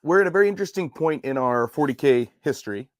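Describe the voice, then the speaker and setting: A man's voice: a little high, expressive, quick pace, no room sound. A man co-hosting a casual podcast, explaining history with a dry, wry humor.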